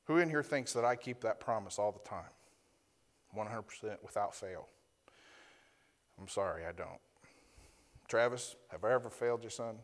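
A man's voice: on the low side, moderate pace, pauses often. A male pastor preaching to a congregation in a church, reading Scripture aloud, explaining Hebrew and Greek words and often ending his points with a rhetorical "right?". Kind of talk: sermon.

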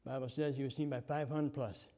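A man preaching a sermon, fervent, swinging from loud to hushed. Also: medium pitch, fairly even intonation, a little fast. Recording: long hall reverb.

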